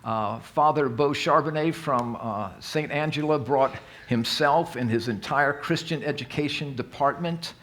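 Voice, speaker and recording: A man's voice: a little high, unhurried, fairly bright tone, a little hiss or hum. A man leading an introductory church course, talking in a folksy, self-deprecating way and often restarting his sentences. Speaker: Alpha course leader. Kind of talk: informal church talk. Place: church hall.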